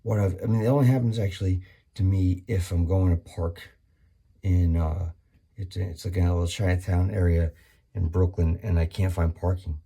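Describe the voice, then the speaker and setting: Gravelly, deep-voiced man rambling comedically. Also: steady tone, normal speed, mellow. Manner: rambling, profane, with many restarts and sudden high-pitched acted-out bursts.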